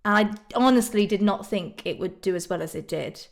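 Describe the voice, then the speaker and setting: A woman from Ireland chats casually on a live stream, reading out viewer comments and answering them. She is bubbly, with frequent ums and laughs, and speaks at normal speed in a creaky, medium-pitched voice.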